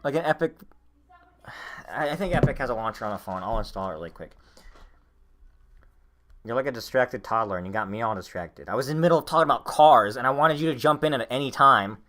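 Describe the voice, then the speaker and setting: Hiccups interrupt a young male podcast co-host as he rambles, swears and piles on fillers in casual chat. His mid-range voice is pushed and bright, with lively intonation, a brisk pace and long pauses.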